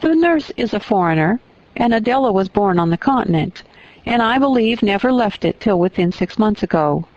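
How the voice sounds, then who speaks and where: A kindly elderly housekeeper, voiced by a woman, full of fussy exclamations and gentle gossip. She speaks from a dry, close storybook recording with a slightly muffled sound. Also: medium pitch, animated, moderate pace, no room sound, lightly acted. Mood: explaining.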